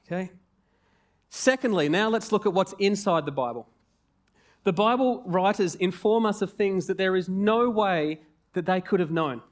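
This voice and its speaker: A man in his forties preaching a sermon in a jokey, conversational and animated way, with asides and rhetorical questions. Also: sits high, normal speed.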